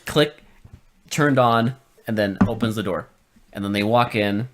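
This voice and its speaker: A man co-hosting a podcast in casual chat, animated and finishing his co-host's sentences. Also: fairly low pitch, normal speed, a little hiss or hum. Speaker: podcast co-host.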